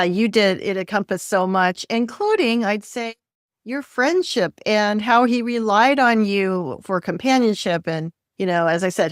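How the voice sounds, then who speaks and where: A woman's voice: medium pitch, dry recording, studio quality. A woman hosting an interview, chatting casually and encouraging her guest's stories. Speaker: podcast host.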